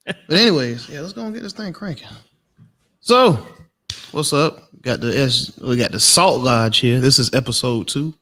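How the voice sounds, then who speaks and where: A man's voice: mid-range voice, lively intonation, normal speed, bright, forceful tone. A man hosting a casual gaming podcast, joking around in loose slang. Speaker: podcast host.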